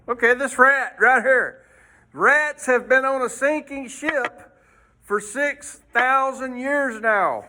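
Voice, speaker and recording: A man's voice: very high-pitched, very animated, slow pace, pushed and bright. A man teaching a folksy Sunday school lesson, rambling and throwing in rhetorical questions.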